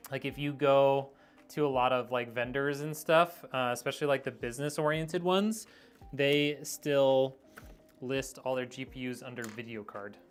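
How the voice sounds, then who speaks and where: A man's voice: mid-range voice, fairly bright tone, smooth. A middle-aged man live-streaming a PC build, chatting casually, thinking aloud with plenty of ums and likes while he works.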